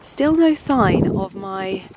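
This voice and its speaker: A woman vlogging casually in her garden and greenhouse, gushing and excitable, gasping with delight. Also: medium pitch, takes it slowly, heavy background noise. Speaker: lifestyle vlogger. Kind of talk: casual vlog to camera.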